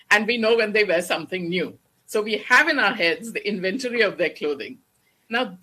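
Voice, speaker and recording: A guest lecturer giving an academic lecture on poetry in a measured, explanatory way. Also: mid-range voice, sharp tone. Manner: measured, explanatory, slows down to recite verse.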